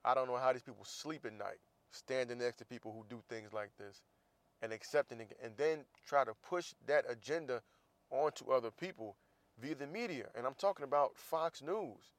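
A man's voice: medium pitch, moderate pace, dry recording. A man hosting a casual opinion monologue, talking in a blunt, profane and heated way, with sarcastic asides. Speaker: podcast host.

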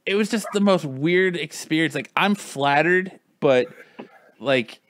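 A man's voice: a little high, unhurried, a bit bright. Rambling man telling an anecdote. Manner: rambling anecdote full of "like" and quoted dialogue. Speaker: storyteller among friends. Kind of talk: casual chat.

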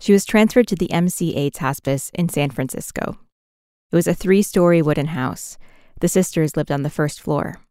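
A woman narrating a documentary from a script in a measured, even way. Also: low voice, no room sound, clean studio sound.

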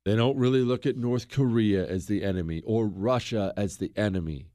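A man's voice: on the low side, moderate pace, no room sound, clean studio sound. A man hosting a political talk radio show, delivering a combative, sarcastic monologue and raising his voice to make a point. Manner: combative, sarcastic, shouts for emphasis.

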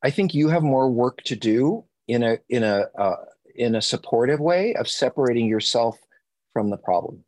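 Guy on a podcast giving advice, earnest, mid pitch, dry close mic. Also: lively intonation, moderate pace, darkish tone, no room sound. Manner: earnest, speeds up when stressing a point. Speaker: podcast co-host, addiction therapist.

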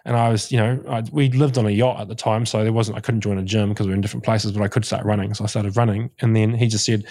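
A man's voice: fairly low pitch, steady tone, fast talker, few pauses, dark tone. A middle-aged man, a guest on a podcast, telling his story reflectively and leaning on a lot of "you know". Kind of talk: casual interview chat.

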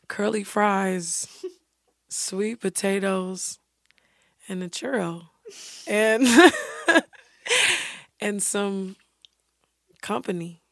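Blunt, animated young woman, dry sound. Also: mid-range voice, extremely slow, gravelly, long pauses, no echo. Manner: animated, blunt, swears freely, acts out quotes. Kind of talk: casual chat.

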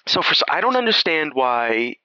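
A man co-hosting a podcast, recapping a movie in crude, laughing, animated casual chat. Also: fairly high pitch, normal speed, dry recording, highs cut off. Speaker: podcast co-host.

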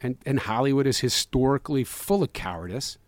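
A man sits for an interview about his film and answers at length in an earnest, rambling way, often restarting his sentences. His voice is mid-pitched and heard through a close mic with no room sound. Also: lively intonation, fairly quick, dry recording. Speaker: filmmaker guest.

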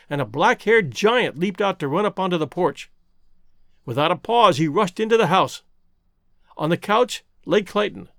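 A man reading an adventure story aloud as an audiobook narrator, with dramatic, expressive delivery. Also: sits high, dry recording, clean studio sound. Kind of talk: scripted narration.

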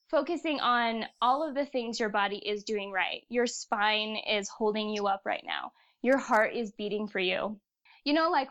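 A young woman with a fairly high voice speaks as a podcast guest. She tells personal stories earnestly and with animation. Her talk is casual and sincere. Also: fairly bright tone.

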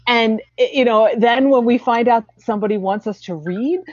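A woman interviewing a guest in casual conversation, expressive and chatty, often restarting her sentences. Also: on the high side, normal speed, no echo. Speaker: interviewer and writer. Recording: dull dry lo-fi recording.

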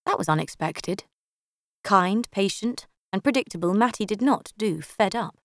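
A woman's voice: on the low side, moderate pace, no room sound. A woman narrating a first-person story in a wry, dryly sardonic way, close to the mic. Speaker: audiobook narrator.

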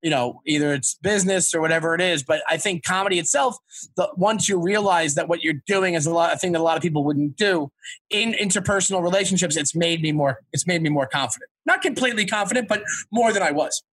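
A man from Long Island, a comedian guest, talking in a rambling, reflective, halting way. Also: fairly high pitch, a bit bright, no room sound. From Long Island, New York. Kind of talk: casual chat.

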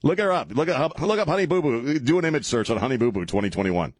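A man's voice: mid-range voice, expressive, fast talker, no echo. A man hosting a radio talk show, joking, rambling and laughing as he chats in a studio. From South Texas. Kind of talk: casual radio banter. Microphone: studio microphone.

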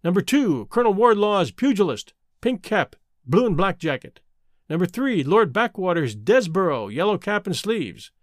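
A man reading a story aloud as narrator, expressive and giving each character a voice. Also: sits high, moderate pace, no echo, clean studio sound.

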